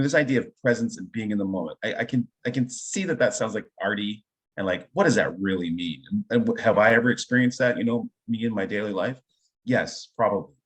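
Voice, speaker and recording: A man with a fairly low voice talks in a relaxed interview, speaking as an improv teacher. He is middle-aged and enthusiastic, and he builds his points through personal stories. He keeps checking in with "right?" as he goes. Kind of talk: conversational interview storytelling.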